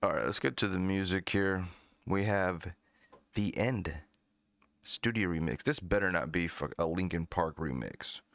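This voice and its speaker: A man's voice: low voice, measured pace, creaky, a bit bright. A man hosting a live music-review stream, talking bluntly and profanely with mocking asides. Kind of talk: casual live-stream chat.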